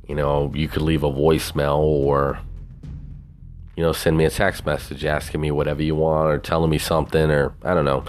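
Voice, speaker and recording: A man's voice: rumbling low, flat delivery, brisk, soft background music. A man hosting his own podcast in a casual, rambling, boastful and profane way, with a Southern US twang. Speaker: podcast host. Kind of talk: casual solo podcast talk.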